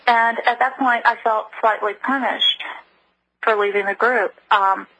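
A middle-aged woman recounting a personal story as an interview guest, earnest and halting with frequent restarts. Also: on the high side, steady tone, bright, forceful tone, slightly rough, poor audio.

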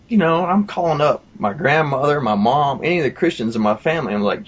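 A man's voice: fairly high pitch, expressive, quick pace, few pauses, breathy edge, muffled recording. A man telling a personal testimony in a casual, rambling way, full of asides and fillers. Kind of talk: casual storytelling.

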